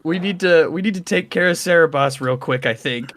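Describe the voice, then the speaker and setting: A man playing a tabletop game who describes his character's moves in an excited, rambling way. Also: fairly high pitch, brisk. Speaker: player. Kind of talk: casual tabletop play.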